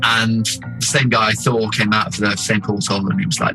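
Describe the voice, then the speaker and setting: Guy telling an adventure story, lowish voice, lots of "like" and "you know", music playing under him. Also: moderate pace, low-quality recording. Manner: animated, many fillers. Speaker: explorer guest. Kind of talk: casual storytelling.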